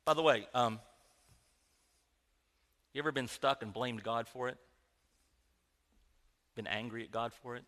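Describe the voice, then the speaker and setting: A man's voice: mid-range voice, measured pace, long pauses, fairly bright tone, in a large hall. A man preaching in a conversational, joking style, speaking directly to his congregation in a church sanctuary. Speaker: pastor. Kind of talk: sermon.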